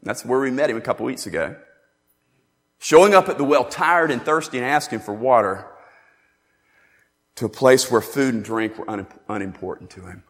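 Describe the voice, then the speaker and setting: A man preaching a sermon, emphatic and animated, acting out the scripture he quotes. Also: mid-range voice, moderate pace, pauses often. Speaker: pastor. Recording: long reverb in a large hall.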